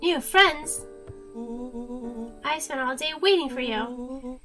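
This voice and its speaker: A woman's voice: high-pitched, slow, over music. Woman playing a sulky, resentful young boy. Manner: resentful and accusing.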